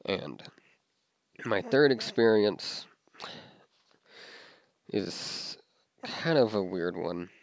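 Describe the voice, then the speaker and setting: Give me a rambling young male storyteller with a deep voice and a dry close sound. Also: animated, extremely slow, vocal fry, long pauses, no room sound. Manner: rambling, many fillers and restarts. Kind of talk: casual first-person storytelling.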